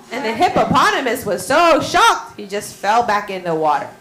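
A woman teaching children, telling a story in a lively way and asking them questions. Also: fairly high pitch, normal speed, roomy sound, background noise. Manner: animated, asks the children questions.

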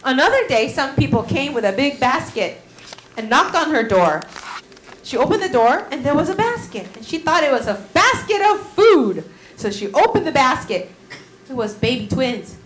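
A woman teaching children, telling a story in a lively way and asking them questions. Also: high-pitched, moderate pace, roomy sound, a little hiss or hum, rough recording. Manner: animated, asks the children questions.

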